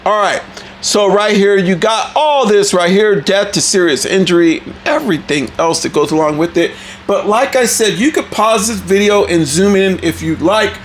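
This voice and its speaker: A man hosting an excited toy unboxing review, talking in a hyped, animated, casual way with some cussing. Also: high-pitched, moderate pace, a little hiss or hum.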